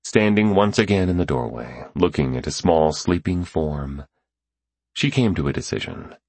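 A man reading a novel aloud as narrator, in measured, even storytelling. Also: a bass voice, breathy edge, no room sound. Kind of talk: scripted audiobook narration.

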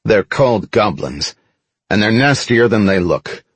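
A wry, teasing male soldier, voiced by a man reading an audiobook. His delivery is low and husky, with a lively rise and fall. The sound is close and dry. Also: unhurried, no echo. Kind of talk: audiobook character voice.

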